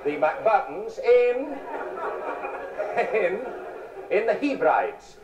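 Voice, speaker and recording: English comedian in his forties, slightly high voice, punning music hall patter, distant and roomy, dull 1970s theatre broadcast, audience laughter. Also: very animated, crowd noise. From England. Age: 40s. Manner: wry, punning, with quick asides to the audience. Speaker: stand-up comedian. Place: large theatre.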